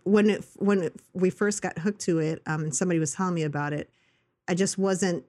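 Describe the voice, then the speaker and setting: A woman's voice: on the low side, fairly even intonation, brisk, a little mellow. A woman with an American accent co-hosting a podcast, chatty and rambling with frequent laughs. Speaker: podcast co-host. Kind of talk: casual podcast chat.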